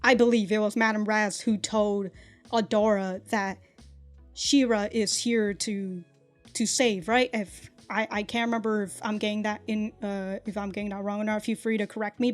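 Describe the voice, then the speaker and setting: A woman's voice: medium pitch, steady tone, moderate pace, soft background music. A woman hosting a casual reaction commentary who swears a lot, laughs often and rambles with restarts. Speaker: reaction video host.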